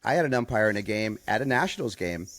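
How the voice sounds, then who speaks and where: A man co-hosting a podcast and chatting casually, a softball coach telling stories and acting out what people said. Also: on the low side, quick pace. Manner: storytelling, calm, quotes people in voices.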